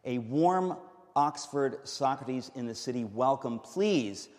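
A man's voice: medium pitch, expressive, takes it slowly, a little mellow. A man hosting a live on-stage interview, wry and joking at his own expense. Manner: wry, joking, self-deprecating. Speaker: host. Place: large hall with a live audience. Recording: reverberant hall, audience faintly heard.

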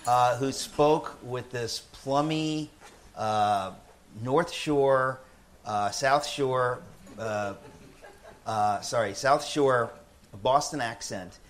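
A male interviewer with a voice of middle pitch. He steps into his guest's story to recap it and make it clear for the audience. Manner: jumps in to clarify, slows the story down. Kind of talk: conversational interview.

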